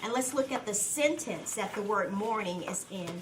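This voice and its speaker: A woman teacher leading a guided reading lesson with young children in a classroom, patient and encouraging, speaking slowly and clearly. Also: mid-range voice, animated. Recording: echoey room from a distance, background noise.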